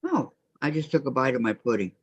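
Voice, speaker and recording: A woman hosts a casual quilting live stream, chatty and laughing often as she reads viewer comments aloud. Her bass voice is expressive and fast with a breathy edge. The audio is muffled, lo-fi and dry, with no echo.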